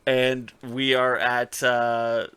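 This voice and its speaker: Bright, dry-voiced man retelling a show. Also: medium pitch, drawn-out words, clear, resonant tone, no echo. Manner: animated storytelling, swearing, acting out characters' lines. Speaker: podcast co-host. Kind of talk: casual recap chat.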